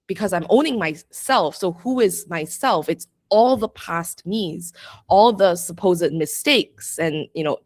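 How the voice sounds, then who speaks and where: A woman's voice: fairly low pitch, dry recording. Chatty reflective woman, dry sound. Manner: chatty and reflective, peppered with "like", laughs often. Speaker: podcast guest, astrologer and coach. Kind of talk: casual interview chat.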